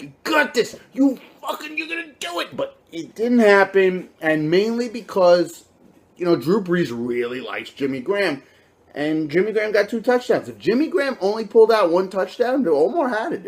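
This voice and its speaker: A young man with a high, lively voice runs through a casual weekly fantasy football recap. He is brash and swears freely, talking trash at his league mates. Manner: brash, profane trash talk.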